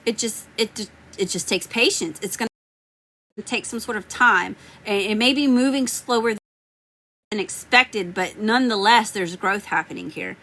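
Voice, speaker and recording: A woman's voice: medium pitch, measured pace, bright, forceful tone, poor audio. A woman with a Southern US accent giving live tarot readings, chatting and greeting viewers by name. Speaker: tarot reader.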